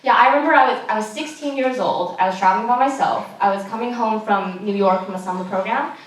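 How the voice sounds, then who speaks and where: A woman's voice: medium pitch, fast talker. A young woman from California doing a stand-up comedy set, chatty and self-deprecating with many ums and giggles. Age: young adult. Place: comedy show stage in a room. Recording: very echoey room, picked up from a distance, some noise.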